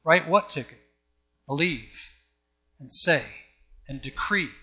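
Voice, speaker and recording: A man's voice: a little high, animated, takes it slowly, pushed and bright. A man preaching a sermon with an emphatic, repetitive cadence.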